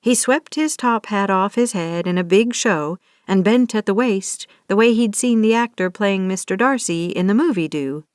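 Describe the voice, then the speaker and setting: A woman narrating a romance audiobook in a steady, scripted reading. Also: medium pitch, moderate pace, hardly any pauses, clean tone, dry recording, studio quality.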